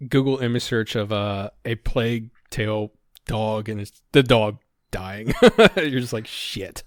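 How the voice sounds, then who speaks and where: A man's voice: lowish voice, fairly even intonation, a little slow, no room sound, clean studio sound. A man on a podcast as the guest, chatting casually and teasingly correcting the host. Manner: teasing, fact-checking corrections.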